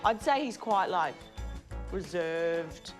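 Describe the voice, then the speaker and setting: A woman's voice: lowish voice, lively intonation, takes it slowly, faint music behind. A woman with an Australian accent, chatting and giggling as a comedy contestant. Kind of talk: casual comedy banter.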